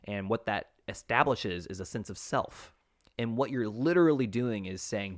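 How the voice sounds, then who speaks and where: A man's voice: fairly low pitch, moderate pace, dry recording, studio quality. A man co-hosting a casual podcast, telling stories with energy and acting out quoted lines. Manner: animated storyteller, acts out quotes. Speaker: podcast co-host. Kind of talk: casual analytical chat.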